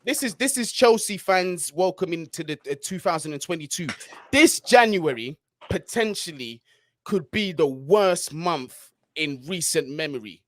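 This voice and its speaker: A man's voice: fairly high pitch, animated, unhurried, fairly bright tone. A man hosting a casual football chat, fired up and slangy, often asking "yeah?". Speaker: host.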